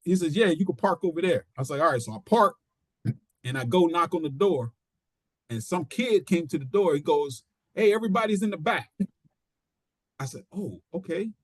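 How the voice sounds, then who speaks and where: A middle-aged man spins a story in a casual interview, slipping into the voices of the people he quotes. His voice sits fairly high for a man. The sound is dry and close, with no room around it. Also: moderate pace, breathy edge, no room sound. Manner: animated storyteller acting out quotes. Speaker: interview guest, pro wrestler. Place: studio.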